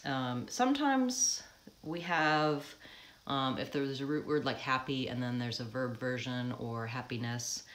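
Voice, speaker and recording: A woman's voice: extremely low pitch, unhurried, fairly bright tone. A woman coaching English pronunciation in a live lesson, explaining patiently step by step with frequent ums.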